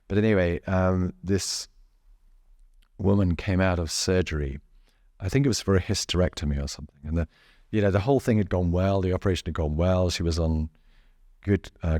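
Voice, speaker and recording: A man working as a bodywork therapist, explaining gently and casually, laughing often and restarting his sentences a lot. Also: low-pitched, no echo, studio quality. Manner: gentle, chuckling, halting with many restarts.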